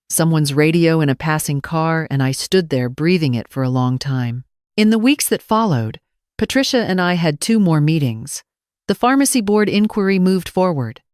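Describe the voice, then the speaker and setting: An older woman narrating a first-person story in a measured, calm, reflective way. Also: low voice, no echo, clean studio sound.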